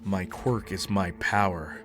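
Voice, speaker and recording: Flat broody teen boy hero, put on by a man, low monotone, bright edge. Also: a little slow, soft background music. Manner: low monotone mock delivery.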